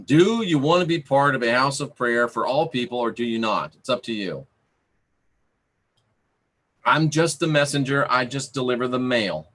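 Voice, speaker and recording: A man preaching over a livestream in a mid-pitched voice. He draws his lines out slowly and leans on repetition for emphasis. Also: animated, a bit bright. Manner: slow emphatic preaching, repeating phrases. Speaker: preacher reading live chat. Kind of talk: livestream sermon.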